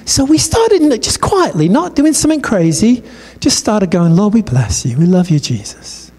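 A man preaching a sermon, telling a story in a conversational, animated way and acting out the dialogue. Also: high-pitched, moderate pace, slightly rough. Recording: long hall reverb.

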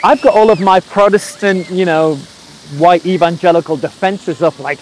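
A preacher tells a personal story in a high voice. He recounts it with lively energy and acts out the quoted lines. Faint sizzling noise sits behind him. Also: moderate pace, rough recording. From England. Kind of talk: storytelling sermon.

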